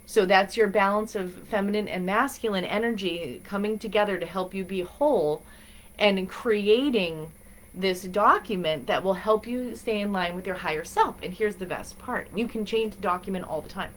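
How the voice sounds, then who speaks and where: A woman's voice: mid-range voice, moderate pace. A woman chatting in a bubbly, rambling way as she hosts a live stream of spiritual guidance. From Massachusetts. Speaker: spiritual reader and stream host.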